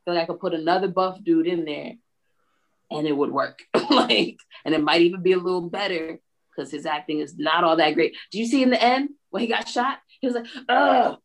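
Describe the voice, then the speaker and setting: A woman's voice: on the low side, fairly quick. A woman co-hosting a casual movie podcast, blunt and profane, laughing often. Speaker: podcast co-host. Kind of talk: casual movie review chat.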